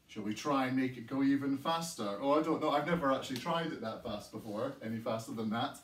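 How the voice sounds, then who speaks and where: A man's voice: medium pitch, expressive, moderate pace, heavy background noise. A man teaching a recorded music lesson for young children, explaining a clapping game step by step in an encouraging, patient way. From England. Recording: echoey room, mic at a distance.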